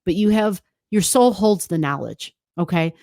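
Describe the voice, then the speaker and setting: A woman's voice: lowish voice, normal speed, warm tone, dry recording, clean studio sound. A woman astrologer giving a chatty, emphatic forecast, often adding "right?" as she goes.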